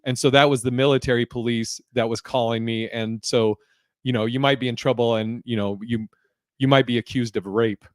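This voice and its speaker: A man imitating an erratic woman who claims secret military rank, in a low, mumbled, rushed voice. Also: steady tone, dry recording, clean studio sound, close to an everyday voice. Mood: secretive.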